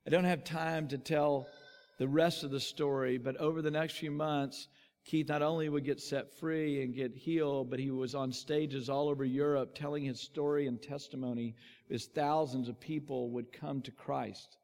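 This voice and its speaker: A man's voice: mid-range voice, fairly even intonation, moderate pace, darkish tone. A man preaching a sermon, telling a story with animation and acting out the quotes. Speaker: pastor. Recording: long hall reverb.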